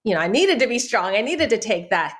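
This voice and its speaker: A woman's voice: fairly high pitch, big pitch swings, fairly quick, fairly bright tone. A middle-aged woman, a soul care minister, earnestly telling a personal faith testimony in an interview. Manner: earnest storytelling, acting out quoted family voices.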